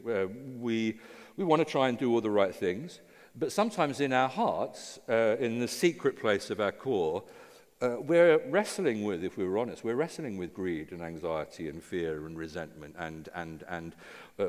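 A man's voice: medium pitch, big-room sound. A man preaching a sermon as pastor, in an informal, conversational way with many fillers and restarts.

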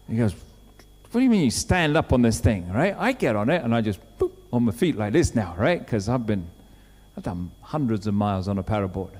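Animated preacher in a reverberant hall. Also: male voice, medium pitch, brisk. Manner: animated storytelling preacher, acts out quotes. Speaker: pastor. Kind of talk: sermon.

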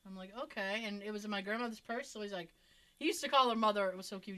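A woman's voice: medium pitch, quick pace, noisy background. A woman chatting casually, telling funny family stories with lots of swearing and laughter. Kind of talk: casual chat.

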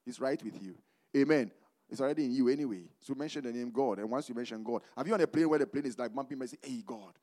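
A Ghanaian pastor preaches fast, asking "what?" so the congregation will finish his phrases in call-and-response style. He swings between loud, emphatic proclamation and low, conversational asides.

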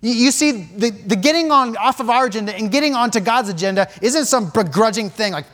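A man's voice: high-pitched, expressive, brisk, few pauses, fairly bright tone. A man preaching a sermon in a church, impassioned, with repeated phrases and many restarts. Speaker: pastor.

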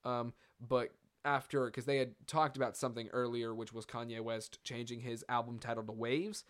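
A man's voice: mid-range voice, level tone, normal speed, a bit bright. A young man hosting a casual solo podcast, rambling and profane with lots of fillers and asides. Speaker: podcast host.

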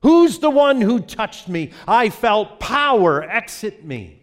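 A man's voice: sits high, big pitch swings, slow pace, voice pushed up, exaggerated voice. A man preacher voicing Jesus in a retold gospel scene, earnest and insistent. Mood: urgent. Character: Jesus, calm but urgent teacher.

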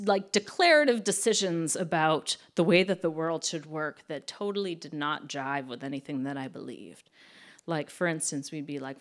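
A woman in her thirties tells a funny personal story on a podcast. Her voice sits a little low, and she acts out the quoted lines, dropping to a hushed whisper for other people's words and laughing along the way.

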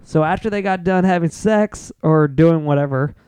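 A young man with a high, smooth voice tells a messy camping story to friends, swearing freely and acting out the lines of everyone involved. The sound is close and dry. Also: normal speed, no room sound. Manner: swearing, animated retelling. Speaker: podcast co-host. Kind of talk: casual storytelling chat.

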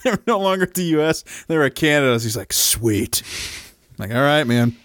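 A man co-hosting a podcast who talks through a film in casual chat, amused and animated. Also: a little high, rapid-fire, no echo, studio quality. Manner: amused, animated, laughs through his lines. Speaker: podcast co-host.

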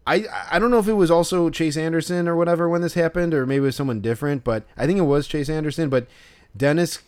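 A man's voice: fairly high pitch, quick pace, darkish tone, smooth. A man co-hosting a podcast in casual chat, telling stories in a laid-back, rambling way. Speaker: podcast co-host.

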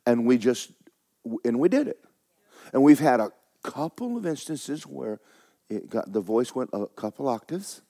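A man preaching a sermon, with folksy asides, rising loud to stress a point and dropping low to tell a story. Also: sing-song, moderate pace, creaky. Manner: folksy preaching, rises loud for emphasis, drops low for stories. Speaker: pastor.

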